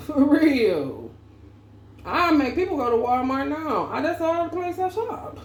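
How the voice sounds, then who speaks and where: Woman tarot vlogger, slow and slangy, laughs a lot, echoey room. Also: high-pitched, big pitch swings, darkish tone. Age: adult parent. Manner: slangy, laughing, loose and profane. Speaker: tarot reader. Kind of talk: casual tarot reading monologue. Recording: echoey room with faint background noise.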